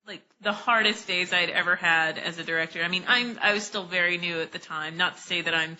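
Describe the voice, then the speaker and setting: A woman's voice: fairly low pitch, fairly quick, muffled recording. A woman who works as a voice director, chatting casually on a podcast and acting out the lines she quotes. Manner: lively storyteller, acts out quotes.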